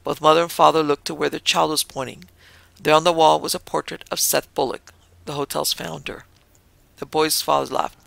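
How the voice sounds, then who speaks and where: A male podcast host reads a ghost story in measured, dramatic narration. His voice is gravelly, with a fry at the ends of phrases. The sound is dry and close. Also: on the high side, level tone, a bit bright, dry recording. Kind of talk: scripted narration.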